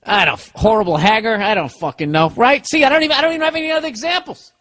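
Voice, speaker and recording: A man's voice: very high-pitched, fast talker, a bit bright. A middle-aged man hosting a podcast, ranting alone in a sarcastic, profane, casual way. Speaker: podcast host.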